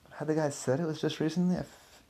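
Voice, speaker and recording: A man's voice: a little high, fairly even intonation, fast, mellow. A man narrating an improvised detective story in a loose, hesitant way, correcting himself as he goes.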